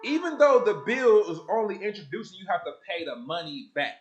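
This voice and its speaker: A man hosting a casual podcast chat, talking in an animated, slangy and profane way, telling stories with lots of asides. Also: sits high, fairly quick, dull audio, soft background music. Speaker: podcast host.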